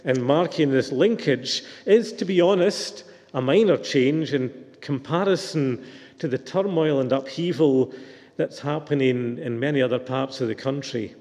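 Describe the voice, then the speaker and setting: A man's voice: medium pitch, unhurried, a little mellow, big-room sound. A man preaching a sermon in a reflective, questioning manner.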